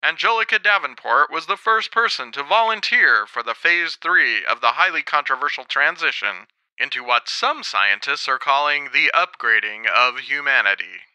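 A man's voice: mid-range voice, animated, moderate pace, sharp tone, clear, resonant tone, no echo, poor audio. A man voicing a TV news reporter in a formal, polished newscast delivery, reading a story.

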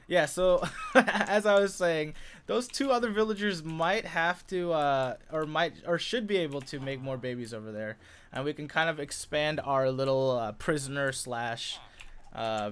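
A man's voice: on the high side, a bit bright. Young man rambling over a Minecraft game. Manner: rambling, easily frustrated, yelps at mishaps. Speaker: gaming YouTuber. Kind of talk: casual Minecraft let's play commentary. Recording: faint background noise and keyboard clicks.

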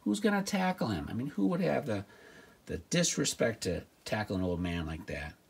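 Man, low voice, husky, wry, mock-concerned, comic card commentary. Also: very animated, moderate pace. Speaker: card collector and host.

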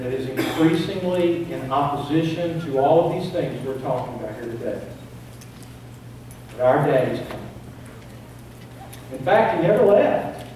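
A man delivers a sermon, his fairly high voice building emphasis through repetition. He is picked up from afar in a church sanctuary with heavy echo and a faint hiss of noise. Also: darkish tone. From East Tennessee. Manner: preaching with rising emphasis and repeated phrases. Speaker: pastor. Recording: very echoey church, distant mic, faint noise.

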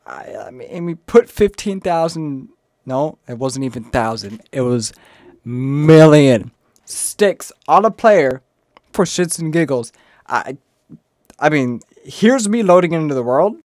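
A young man with a slight southern accent, rambling casually in a gaming vlog, often stopping himself mid-sentence and now and then breaking into shrill, panicked yelps. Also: animated, measured pace, darkish tone, no room sound, studio quality. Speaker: streamer.

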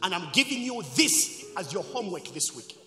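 Lively high-voiced preacher in an echoey church. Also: male voice, normal speed, faint music behind. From Zambia. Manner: call-and-response preaching, swings between shouting and quiet asides. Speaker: pastor. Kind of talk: sermon. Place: church hall.

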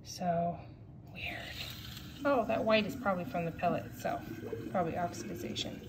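A woman's voice: fairly low pitch, fairly even intonation, normal speed. Chatty woman vlogging in a noisy kitchen. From California, USA. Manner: chatty, rambling, lots of fillers. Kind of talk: casual home cleaning vlog. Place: home kitchen.

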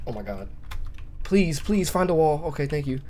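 A young man with a hoarse, sore throat, talking to his chat through a cheap USB mic at home as he plays a horror game, jumpy and cursing at the scares. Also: fairly high pitch, big pitch swings, normal speed, mellow, slight background noise. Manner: jumpy, talks to himself and chat, yelps and cusses at scares. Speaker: gaming streamer. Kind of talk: horror game let's play commentary.

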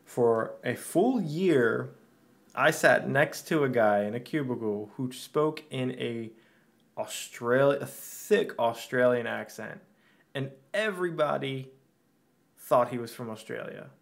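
A male podcast guest sharing stories in a casual, animated way. He voices the people in his stories with sudden jumps in pitch, and his own voice sits in a medium male pitch. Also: slow, vocal fry. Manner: animated anecdote teller, acts out quotes. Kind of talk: casual chat.

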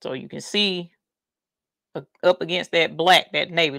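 A woman's voice: sits low, fairly even intonation, a little slow, gravelly, pauses often, fairly bright tone, no echo, studio quality. A woman with a Southern US country accent, chatting folksily while hosting a craft livestream. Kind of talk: casual livestream chat.

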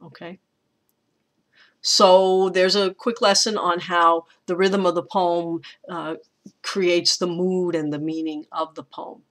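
Bright-voiced teacher scanning verse aloud. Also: mid-range voice, flat delivery. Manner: reads verse aloud slowly, pressing out stressed syllables; informal, thinks aloud with small restarts. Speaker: college English teacher. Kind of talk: recorded lecture on poetic meter.

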